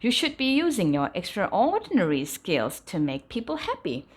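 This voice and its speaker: A woman's voice: medium pitch, huge pitch swings, normal speed, slightly rough. A woman voicing a small, cheerful man with very long arms in a children's storybook read-aloud, speaking in an eager, coaxing way.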